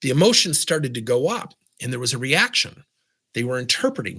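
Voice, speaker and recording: Energetic male coach, lively swooping delivery, slightly husky tone. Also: mid-range voice, normal speed. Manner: animated, asks rhetorical questions. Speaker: business coach. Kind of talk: lively coaching talk to camera.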